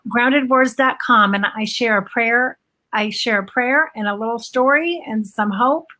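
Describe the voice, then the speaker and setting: A woman guest speaking over a video call, talking reflectively with pauses and fillers about her own life. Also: fairly high pitch, bright, forceful tone. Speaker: guest, bereaved mother and blogger. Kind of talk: casual conversation.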